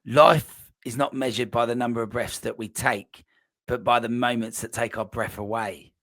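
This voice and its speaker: A man's voice: mid-range voice, steady tone, normal speed, a bit bright, no room sound. Enthusiastic man hosting, dry sound. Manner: enthusiastic, rambling, many fillers. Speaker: podcast host, coach. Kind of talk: casual podcast interview.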